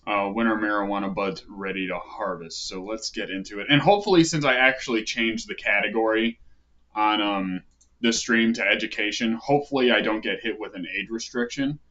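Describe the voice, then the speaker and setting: A man hosting a casual livestream, talking in a relaxed, rambling way with plenty of fillers and side remarks. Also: fairly low pitch, a little fast. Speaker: livestream host. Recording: dull lo-fi stream audio.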